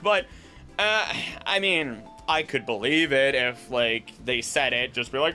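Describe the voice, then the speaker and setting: A man hosting a video, explaining myths in an animated, jokey, tangential way. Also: a little high, measured pace, faint music behind. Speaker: voice actor and video host. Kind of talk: casual explanatory commentary.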